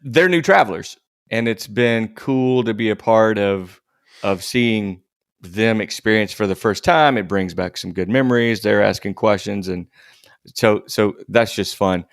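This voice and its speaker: A middle-aged man co-hosting a podcast who talks things through slowly and reflectively. His voice is low, with a gravelly edge. The recording is dry and close-miked. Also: dry recording. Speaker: podcast co-host. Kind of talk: casual faith-based podcast chat.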